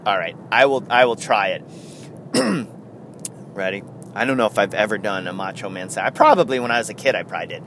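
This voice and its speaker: A man's voice: fairly low pitch, expressive, a little fast, fairly bright tone, a little hiss or hum. A man hosting a podcast, chatting casually with lots of chuckles and rambling asides. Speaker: podcast host.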